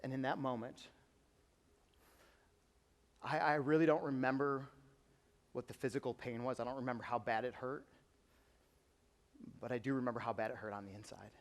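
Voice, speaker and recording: A young man, a youth pastor, telling a personal story in a sermon, earnest, sometimes hushed and sometimes emphatic. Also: medium pitch, steady tone, normal speed, long pauses. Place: church auditorium. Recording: long hall reverb.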